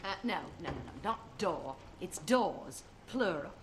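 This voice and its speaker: A woman's voice: lowish voice, lively intonation, measured pace. A woman playing a teasing guest in a scripted comedy sketch. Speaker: guest star. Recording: noisy 1970 TV studio broadcast.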